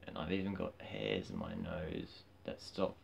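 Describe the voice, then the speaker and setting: A man livestreaming from his phone, chatting casually and bluntly, cheeky and quick to get loud and heated. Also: rumbling low, very animated, vocal fry, slight background noise. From Australia.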